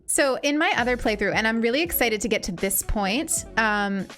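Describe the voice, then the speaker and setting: A young woman streaming a cozy game, chatting gently and warmly greeting viewers, often saying things twice. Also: on the high side, lively intonation, normal speed. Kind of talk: cozy casual chat while gaming. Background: faint game music.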